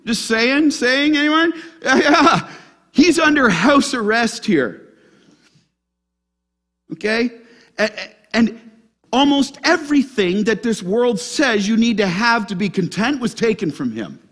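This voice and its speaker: A male pastor preaches in a church with a high, bright voice. His pitch leaps up and drops low all through, and he keeps putting questions to the congregation. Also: expressive, takes it slowly. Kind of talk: sermon.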